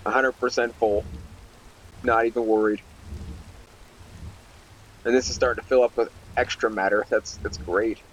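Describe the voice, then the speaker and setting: A man's voice: medium pitch, little pitch movement, moderate pace, pauses often, a little hiss or hum, rough recording. A young man giving casual gameplay commentary while ranting in an irritated, rambling way, full of "like" fillers. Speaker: Let's Play commentator.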